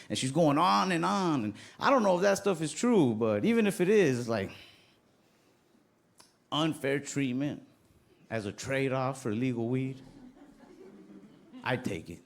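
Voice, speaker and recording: A man's voice: medium pitch, lively intonation, a little slow, creaky, long pauses. A young man from Texas doing a stand-up comedy routine, telling stories in a laid-back way and acting out the voices of the people in them.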